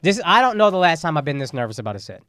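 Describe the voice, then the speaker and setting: A man, a comedian guest, telling stories in a casual podcast chat, animated and swearing freely. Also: on the high side, racing, dry recording. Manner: animated storytelling with profanity.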